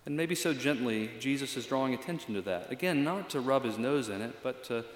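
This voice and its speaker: A man's voice: medium pitch, animated, a little fast, roomy sound, in a large hall. A male pastor giving a reflective, conversational sermon with frequent fillers.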